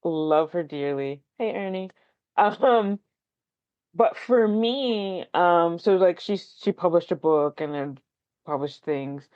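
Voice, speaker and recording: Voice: medium pitch, slow, clear, resonant tone, no room sound, dull audio. A writer chatting on a podcast, rambling and self-deprecating, full of likes and ums. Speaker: podcast guest, fellow writer. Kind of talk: casual podcast conversation.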